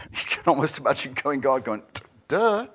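A man preaching a sermon as pastor, joking and animated, often repeating words as he restarts his thoughts. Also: medium pitch, a little fast, breathy edge.

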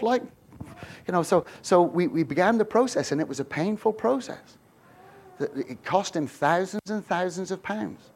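High-voiced animated male preacher. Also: moderate pace. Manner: animated storytelling, swings from hushed to shouting. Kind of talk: sermon.

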